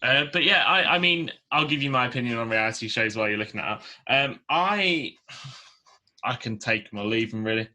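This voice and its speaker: A man from the UK co-hosting a podcast, animated and quick to rant. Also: medium pitch. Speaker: podcast co-host. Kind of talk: casual podcast chat.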